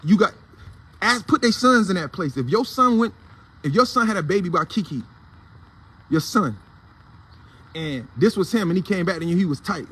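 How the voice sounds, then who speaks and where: A breathy, somewhat bright voice that sits high belongs to a man who hosts a morning commentary show. He talks casually in an African American Vernacular English accent, sounding blunt, heated, profane and preachy.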